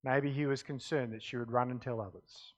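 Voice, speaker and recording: A man preaching a sermon, reading scripture aloud and explaining it with expressive emphasis that drops to quiet asides. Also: mid-range voice, a little fast, highs cut off.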